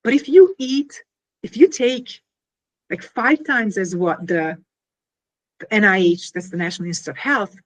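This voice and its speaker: A woman in an interview explaining her invention in an animated, casual way, full of fillers and little acted-out scenes. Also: medium pitch, moderate pace, long pauses.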